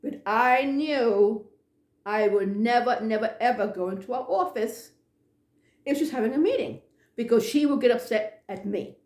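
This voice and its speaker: A woman telling a ghost story in a casual, animated way, acting out the dialogue and sometimes dropping to a hush. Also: fairly high pitch, unhurried, echoey room. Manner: animated, acts out dialogue, drops to hushed tones.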